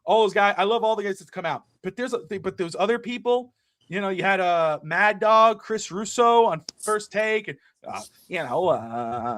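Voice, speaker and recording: A middle-aged man co-hosting a casual sports talk show, ranting with animated energy and swearing freely. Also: high voice, moderate pace, dry recording. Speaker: podcast co-host.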